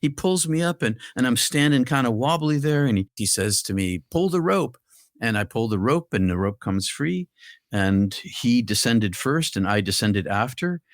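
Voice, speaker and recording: A man with a medium-pitched voice tells his story earnestly and vividly. He is a guest on a talk podcast. The sound is dry and close. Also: lively intonation, moderate pace, no echo.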